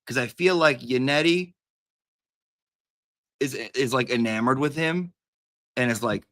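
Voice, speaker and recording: A man's voice: mid-range voice, animated, unhurried, long pauses, pushed and bright. A man chatting casually as a host, rambling and playful, and now and then calling his cat in a sing-song voice. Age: adult with a daughter. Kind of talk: casual livestream chat.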